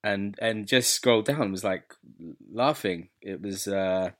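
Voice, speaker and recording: A man with a British accent, co-hosting a casual podcast, animated and opinionated, with the odd swear. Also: fairly low pitch, a little slow. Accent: British English. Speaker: podcast co-host. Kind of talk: casual chat.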